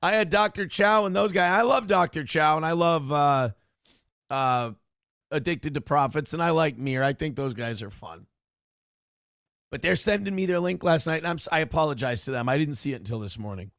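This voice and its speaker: A man's voice: a little high, moderate pace, fairly bright tone, dry recording, clean studio sound. A man hosting a livestream, ranting combatively and sarcastically at his critics, mocking their voices. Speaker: livestream host.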